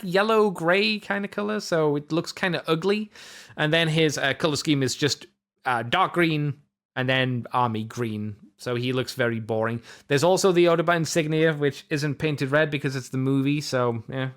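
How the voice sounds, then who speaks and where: A man's voice: fairly high pitch, fairly bright tone. A man hosting a podcast, chatting casually through a toy review with many fillers, self-corrections and offhand jokes. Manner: jokey, offhand asides. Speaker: podcast host.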